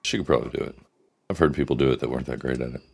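A man's voice: rapid-fire, gravelly, breathy edge. A man hosting a podcast, chatting casually and joking around. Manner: jokey, slips into put-on British and deep voices. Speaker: podcast host. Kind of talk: casual chat.

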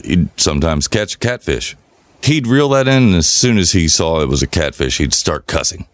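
A man with a very low voice co-hosts a casual podcast. He spins long, loose stories and swears freely. The sound is dry and close to the mic. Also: moderate pace, no echo. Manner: relaxed rambling storyteller, swears freely. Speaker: podcast co-host. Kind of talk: casual chat, storytelling.

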